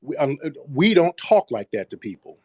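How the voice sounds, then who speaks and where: A male host with a fairly high voice argues bluntly on his call-in show, brushing off the caller and hammering the same points. His voice sounds dry and close, with no room around it. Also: very animated, moderate pace, darkish tone, no room sound. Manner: blunt, dismissive, repeats himself. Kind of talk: call-in debate.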